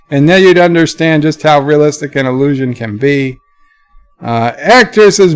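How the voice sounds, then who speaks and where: Male streamer, slightly high, smooth voice, reads chat up, answers low and offhand. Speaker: livestream host reading chat. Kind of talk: casual livestream chat.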